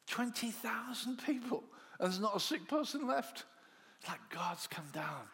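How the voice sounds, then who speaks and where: A man delivers a sermon at a measured pace, narrating the story with animation and voicing the disciples, then sinking to soft, low tones for the quieter lines. The recording carries a long hall reverb.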